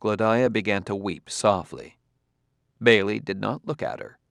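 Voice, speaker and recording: A man's voice: fairly low pitch, unhurried, vocal fry, fairly bright tone, smooth, dry recording. Man narrating an audiobook, dry sound. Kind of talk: scripted narration.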